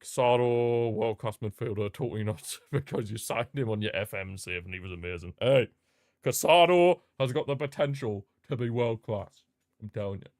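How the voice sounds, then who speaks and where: A man hosting a live football watchalong, chatting excitedly, reacting to the match and answering viewer comments. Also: mid-range voice, moderate pace, dry recording, studio quality. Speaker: watchalong host.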